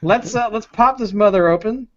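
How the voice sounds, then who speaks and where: A man's voice: sits high, moderate pace. A man hosting a podcast, chatting casually over beer with a playful, joking manner, on muffled lo-fi audio. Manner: playful and joking, hosts the show. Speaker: podcast co-host.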